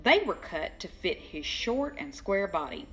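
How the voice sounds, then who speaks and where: An older woman reading a children's storybook aloud, slow and expressive, giving the characters their own voices. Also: medium pitch, faint music behind. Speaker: children's book reader.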